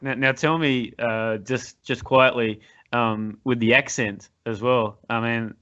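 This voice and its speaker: A man's voice: medium pitch, steady tone, a little slow, a bit bright, clear, resonant tone, highs cut off. A man hosting a podcast, asking rambling questions with many restarts in casual chat. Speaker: podcast host.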